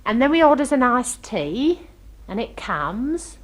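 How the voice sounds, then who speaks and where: A woman's voice: on the high side, big pitch swings, a little slow. An actress playing a chatty, starry-eyed young working-class girl from London, telling a comic story with gossipy, ungrammatical speech. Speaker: comic monologue performer. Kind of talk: comic character monologue.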